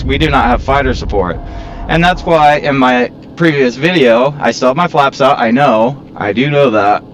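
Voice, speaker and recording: A man's voice: mid-range voice, slight background noise. A man giving casual, rambling commentary while he plays, joking at his own expense and prone to complaining. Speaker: gaming video creator.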